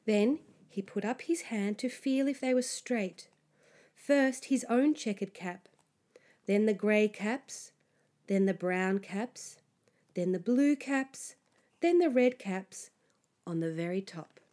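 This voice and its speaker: A woman reading a children's story aloud, slowly and expressively, dropping to a hush at times. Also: mid-range voice. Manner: slow, expressive, sometimes hushed.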